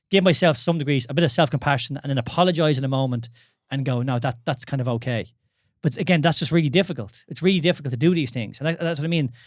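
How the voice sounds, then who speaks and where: Fast-talking Irish man, candid and sweary. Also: on the high side, dry recording, studio quality. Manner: candid, swears often, many restarts. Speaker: podcast co-host. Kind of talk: casual podcast chat.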